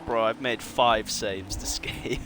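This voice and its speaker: A man cheering and laughing in excited banter with friends during a video game. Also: lowish voice, takes it slowly, slight background noise. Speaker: gaming friend.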